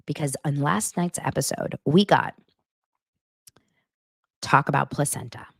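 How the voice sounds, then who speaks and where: A woman's voice: deep voice, measured pace, vocal fry, breathy edge, dry recording, studio quality. A woman hosting a podcast, recapping reality TV in a blunt, sarcastic, casual way. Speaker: podcast host.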